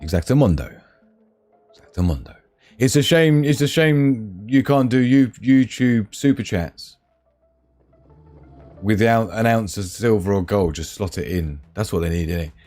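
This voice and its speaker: A man's voice: fairly low pitch, measured pace, darkish tone, faint music behind. A man hosting a casual live stream, joking with viewers, teasing them with pet names and laughing often. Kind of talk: casual live chat reading viewer comments.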